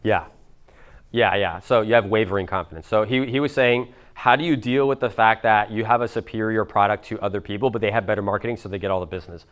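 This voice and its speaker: A young business coach with a Miami accent speaks to a live seminar audience fast, casually and profanely, packed with fillers like "like" and "bro." His voice is on the low side with fairly even intonation.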